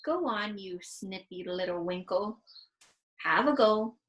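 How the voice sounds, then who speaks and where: A woman's voice: medium pitch, lively intonation, slow pace, a bit bright. A woman voicing a kindly old male giant who mangles his words. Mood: gleeful. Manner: jumbled grammar, sad and wistful.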